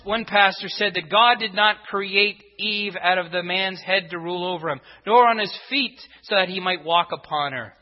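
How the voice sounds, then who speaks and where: A man preaching a sermon to his congregation, driving his points home with repeated rhetorical questions. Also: high voice. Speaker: pastor. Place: church sanctuary. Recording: dull reverberant church recording.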